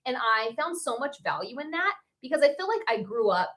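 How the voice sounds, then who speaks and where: A woman's voice: high voice, sing-song, brisk, bright, forceful tone. A woman speaking as a guest on a radio talk show, earnest and thoughtful in casual conversation. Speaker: podcast guest.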